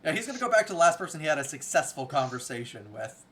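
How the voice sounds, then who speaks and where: A man acting as game master of a tabletop game, reading out rules in a relaxed way with many fillers. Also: a little high, quick pace.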